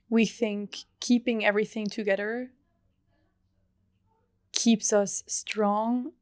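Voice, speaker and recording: Young female podcast host, earnest and unhurried, dry close sound. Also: mid-range voice, no room sound. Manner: soft, earnest, heartfelt, with drawn-out pauses. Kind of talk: reflective solo podcast monologue.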